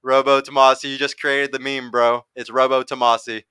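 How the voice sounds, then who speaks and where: A man's voice: mid-range voice, little pitch movement, a little fast, bright, forceful tone, clean tone, no echo. A man hosting a casual livestream podcast, talking brashly and with lots of swearing as he reads out chat comments. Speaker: podcast host and dating coach.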